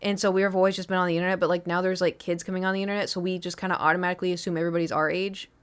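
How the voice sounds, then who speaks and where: A woman's voice: fairly low pitch, little pitch movement, rapid-fire, smooth. A young adult woman, a streamer, chatting casually and telling rambling stories full of fillers and restarts. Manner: rambling storytelling with lots of fillers. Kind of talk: casual chat on a live stream.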